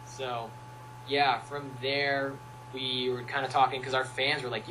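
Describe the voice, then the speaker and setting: A man's voice: mid-range voice, flat delivery, a little slow, sharp tone, a little hiss or hum, low-quality recording. A young man, a music producer, chatting casually in an interview and acting out quotes as he rambles through playful stories. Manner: playful, rambling storyteller who acts out quotes. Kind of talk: casual chat.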